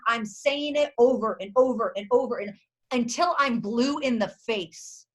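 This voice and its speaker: A woman leading a motivational leadership call for her sales team, speaking with energy and emphasis and repeating her slogans, sometimes breaking into excited cheers. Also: fairly high pitch, a little slow, slightly rough. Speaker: network marketing team leader. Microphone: video or conference call.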